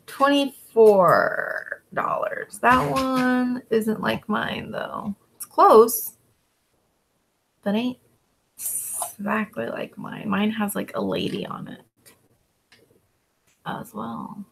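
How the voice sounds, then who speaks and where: While working, a female online reseller answers her viewers in easygoing chat. She speaks slowly and drawls, relaxed, with many fillers, in a creaky, gravelly voice, calling her dogs now and then in a high, coaxing way. A little hiss or hum can be heard.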